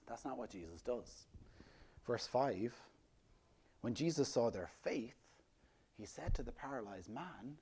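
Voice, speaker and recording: A man preaching a sermon, lively and rhetorical, often putting questions to his listeners. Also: medium pitch, unhurried, pauses often, husky. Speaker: pastor.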